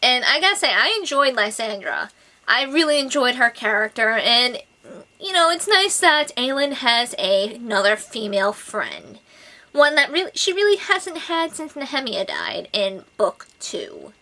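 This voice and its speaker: A woman reviewing a book in a casual vlog, gushing and excitable, full of "like" and "oh my God". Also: on the high side, measured pace. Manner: gushing, excitable, filler-heavy with lots of "like" and "oh my God".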